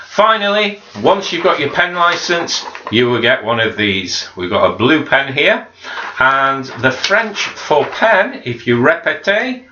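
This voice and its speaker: A man's voice: fairly high pitch, lively intonation, a little slow, pushed and bright, slight background noise. A man teaching a home-learning video lesson to children, patiently modelling and repeating each word. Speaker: primary school teacher. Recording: slightly dull, roomy home recording.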